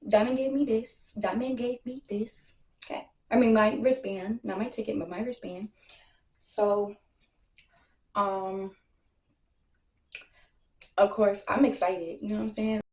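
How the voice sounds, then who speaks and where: A young woman telling a casual storytime, brash and animated, full of slang and profanity, acting out what others said. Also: mid-range voice, measured pace, long pauses. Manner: acts out other people's lines in quotes. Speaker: storytime vlogger. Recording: echoey room.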